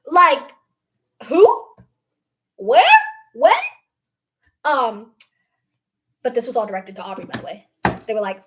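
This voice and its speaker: A young teenage girl tells a school story in casual chat, her voice high and swooping. She swears freely and acts out what everyone said. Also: big pitch swings, slow, long pauses. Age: young teen.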